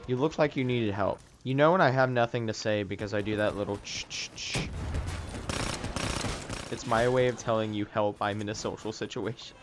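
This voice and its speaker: A man's voice: lowish voice, normal speed, noisy background. A man doing casual commentary over an online game, sarcastic and ranting, swearing freely and joking about the other players. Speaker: gaming YouTuber.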